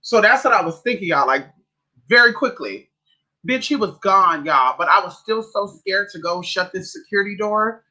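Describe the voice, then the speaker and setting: A man's voice: high voice, animated, moderate pace, pushed and bright, low-quality recording. Brassy, profane man spinning a story. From California. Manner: profane, dramatic, calls listeners "honey" and "y'all". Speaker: spiritual livestream host. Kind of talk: casual storytelling to a live chat.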